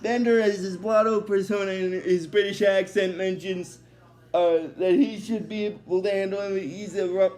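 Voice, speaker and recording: A man's voice: high-pitched, steady tone, moderate pace, a little mellow. A young man casually recapping a cartoon episode, rambling with lots of fillers. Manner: rambling, many fillers like "basically" and "uh".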